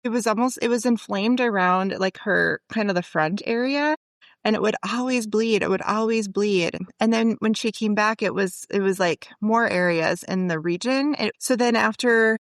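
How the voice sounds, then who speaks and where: A woman in her forties talks as a dentist in a loose, rambling way, restarting her sentences often. Her voice sits at an ordinary middle pitch, and the recording is close and dry. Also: normal speed, dry recording. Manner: rambling, many restarts and fillers. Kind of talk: casual interview conversation.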